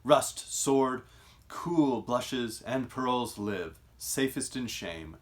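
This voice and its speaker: A man's voice: mid-range voice, expressive, takes it slowly. A man reading as a shamed braggart soldier. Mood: defiant. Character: boastful cowardly male soldier resolving to survive. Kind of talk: dramatic reading of a play.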